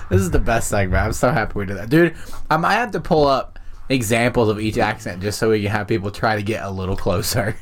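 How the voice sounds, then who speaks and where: A man's voice: lowish voice, quick pace. A young man co-hosting a casual comedy podcast, joking and laughing a lot. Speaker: podcast co-host. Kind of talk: casual chat.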